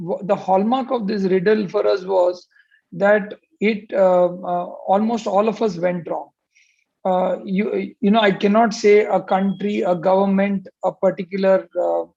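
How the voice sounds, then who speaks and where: Gravelly high-voiced man. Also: a little mellow. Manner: hesitant, many fillers, emphatic phrasing. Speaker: surgeon and panelist. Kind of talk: panel opening remarks. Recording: muffled lo-fi call audio.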